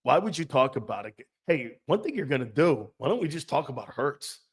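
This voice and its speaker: A sports talk radio host delivers a brash, profane, opinionated rant, laughing between his jabs. His medium-pitched voice swings widely in pitch, moves briskly and carries a breathy edge.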